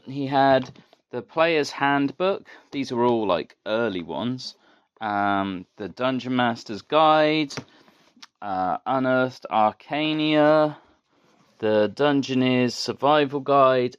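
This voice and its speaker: A man's voice: medium pitch, smooth, no room sound, dull audio. A man, a toy collector, showing off his finds in a casual, rambling vlog. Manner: rambling, easygoing show-and-tell.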